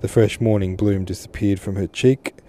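Mellow, low-voiced male narrator. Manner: steady, unhurried reading. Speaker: podcast host, literature reader. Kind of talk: audiobook narration.

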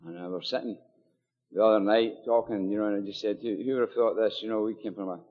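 A man's voice: on the low side, fairly even intonation, fast. A Scottish man from near Glasgow, older, telling his recovery story at a meeting in a chatty, joking way with many fillers and asides. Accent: Scottish, Glasgow area. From Scotland. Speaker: AA meeting speaker. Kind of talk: personal recovery talk at a meeting. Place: meeting hall with audience. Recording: dull live recording in a long-echo hall.

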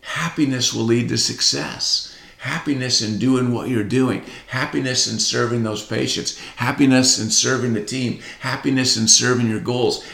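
A man's voice: mid-range voice, creaky, a bit bright, echoey room. A man giving a motivational talk as a coach, repeating a catchphrase and urging listeners to say it with him.

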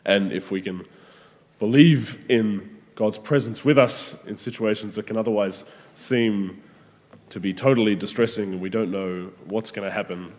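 A man giving a gentle, conversational sermon reflection with frequent pauses and restarts. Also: fairly low pitch. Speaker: preacher. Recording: long hall reverb.

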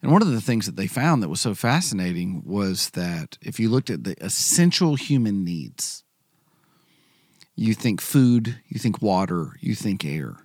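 Guest dude on a podcast thinking out loud, low voice, dry room. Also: male voice, big pitch swings, a little slow, dry recording. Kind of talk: casual conversation.

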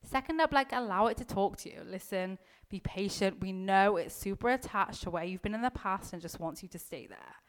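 Woman coach, casual motivational podcast voice, chatty and emphatic, mid pitch. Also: expressive, a little fast. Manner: chatty, heavy use of "like", occasional swearing; emphatic, coaching directly to the listener. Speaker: mindset coach.

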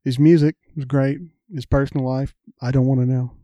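A man's voice: mid-range voice, level tone, brisk, dark tone, dry recording, highs cut off. A man, chatting casually and telling rambling stories, acting out the voices of people in them. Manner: rambling anecdotes, acts out quoted voices. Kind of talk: casual chat, storytelling.

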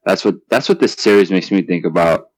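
Young male co-host, deep voice, relaxed and slangy, dry recording. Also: fairly quick, slightly rough, no room sound, low-quality recording. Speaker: podcast co-host. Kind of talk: casual chat about manga.

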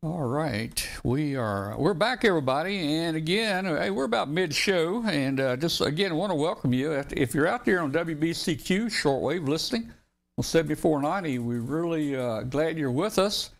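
A man's voice: fairly high pitch, animated, normal speed, vocal fry. A man with a Southern accent hosting a radio show in a folksy, rambling way.

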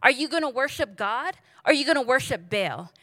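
A woman's voice: high voice, expressive, brisk, a bit bright, dry recording, pitched above the performer's own voice. A woman voicing a bold, confident male prophet who talks brashly and teases. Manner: brash, casual, teasing.

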